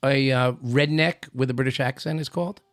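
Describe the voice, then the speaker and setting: A middle-aged man co-hosting a radio talk show, trading quick one-liners in casual chat. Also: medium pitch, no echo, studio quality. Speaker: co-host. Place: radio studio.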